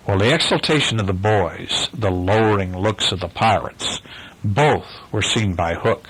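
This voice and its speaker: A man's voice: lowish voice, a little slow, fairly bright tone, slightly rough, rough recording. An older man reading a bedtime story aloud to a child, with casual asides to the listener.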